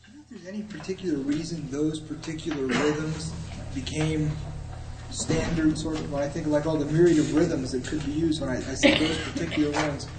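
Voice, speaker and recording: A man's voice: on the high side, a little fast. A male student in a classroom asking a tentative, searching question. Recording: distant echoey classroom recording with hiss.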